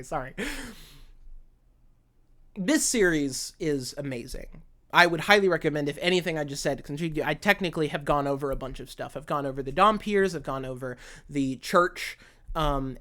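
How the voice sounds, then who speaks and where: Man, casual video essay, emotional, rambling, fairly high voice. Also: fairly bright tone. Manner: emotional, rambling, many restarts. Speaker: anime commentator.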